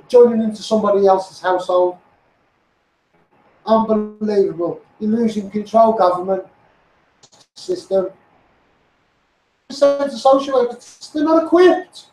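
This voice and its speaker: A man's voice: sits high, mellow, a little hiss or hum. A middle-aged man with a Liverpool accent, delivering a blunt, sweary, heated political rant as a street campaigner. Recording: roomy echoey sound.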